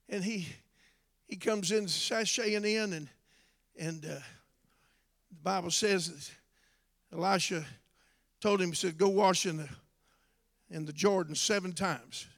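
Male preacher, high and bright-edged, testimony and shouted exhortation. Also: unhurried, gravelly, pauses often, a faint crowd. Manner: builds from conversational storytelling to shouted exhortation. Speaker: former drug addict giving testimony. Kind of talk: sermon.

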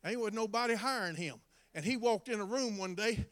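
A man preaching a sermon, moving from folksy storytelling to shouted, drawn-out exhortation. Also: high voice. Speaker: former drug addict giving testimony.

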